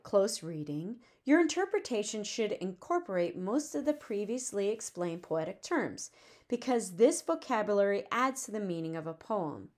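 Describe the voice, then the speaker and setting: Woman teacher, recorded poetry lecture, measured and clear, mid-range pitch. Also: big pitch swings, a little mellow. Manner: clear, measured explanation, reading verse aloud slowly.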